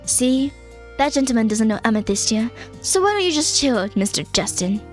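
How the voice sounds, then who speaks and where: A woman voicing a smooth, teasing young man while reading a visual novel aloud, in a lowered, laid-back, joking voice. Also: expressive, normal speed, soft background music, close to an everyday voice.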